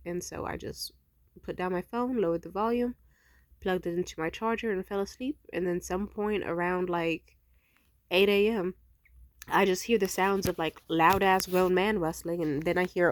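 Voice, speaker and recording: A woman's voice: on the low side, normal speed, no room sound, clean studio sound. A young woman telling a long personal story in a casual vlog, rambling and cursing, acting out both sides of the conversation. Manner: rambling, profane, animated quoting of others. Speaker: vlogger.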